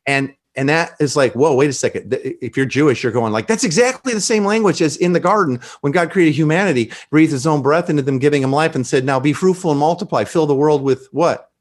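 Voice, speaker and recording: A man speaks in a conversational interview about faith, animated and a bit preachy. He often slips into quoting scripture and acting out dialogue in other voices. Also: a little high, a little fast, few pauses. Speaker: pastor guest.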